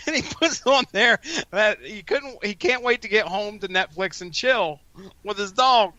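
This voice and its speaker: A man on a podcast telling an anecdote in a halting, casual way, with many restarts. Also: high-pitched, pushed and bright.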